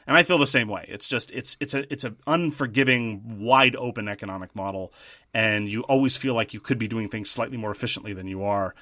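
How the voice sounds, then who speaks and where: A man co-hosting a casual board game podcast, talking things through in a thoughtful, measured way and often restarting his sentences. His voice is bright and forward, recorded close and dry with no room sound. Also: fairly low pitch, dry recording. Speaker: podcast co-host.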